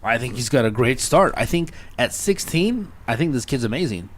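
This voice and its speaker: A man's voice: mid-range voice, animated, normal speed. A young man hosting a casual music critique show, talking in an emphatic, rambling way and swearing freely. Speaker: host.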